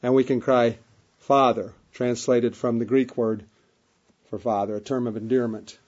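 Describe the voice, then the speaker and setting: A man's voice: medium pitch, flat delivery, normal speed, darkish tone. A man preaching a sermon, reading King James scripture aloud and repeating key phrases for emphasis. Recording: dull lo-fi recording.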